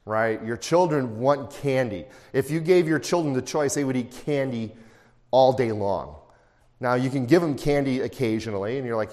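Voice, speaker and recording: A man's voice: medium pitch, normal speed, darkish tone. A middle-aged man preaching an expository sermon in a conversational, anecdotal way, with asides and chuckles. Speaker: pastor. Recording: long reverb in a large hall.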